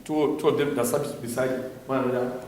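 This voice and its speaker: A middle-aged man with a Nigerian accent teaching the Bible in a church, talking haltingly with many repeated words. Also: medium pitch, level tone, darkish tone. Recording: very echoey room, faint noise.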